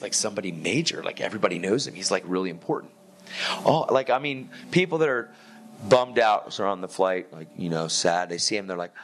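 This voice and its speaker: A man preaching and telling a personal story in a casual, animated way, acting out both sides of a conversation with slang. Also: mid-range voice. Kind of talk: sermon testimony storytelling. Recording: music bed underneath.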